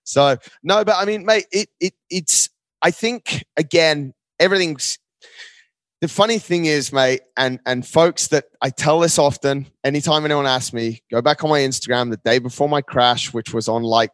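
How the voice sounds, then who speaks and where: A man, a podcast guest, telling a personal story in casual conversation. He talks in an animated way and keeps saying "mate.". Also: on the high side, normal speed, no room sound. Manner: animated, often says "mate".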